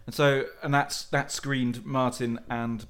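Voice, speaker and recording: A man's voice: mid-range voice, flat delivery, slow, a bit bright. An English man co-hosting a football podcast, talking in a loose, casual way. He swings from dry teasing jokes to earnest talk about the team, in a mid-range voice. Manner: dry, joking, shifts into earnest analysis. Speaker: podcast co-host.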